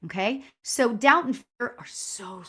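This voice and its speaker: A woman's voice: fairly high pitch, unhurried, breathy edge. A woman working as a spiritual medium, giving a live online reading in a chatty, encouraging way with lots of "you know" fillers. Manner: warm and encouraging toward viewers.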